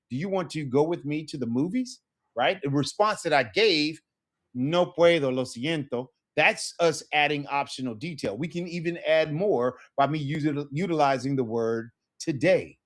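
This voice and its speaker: A middle-aged man teaching an online Spanish lesson, repeating phrases with rising emphasis. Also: on the high side.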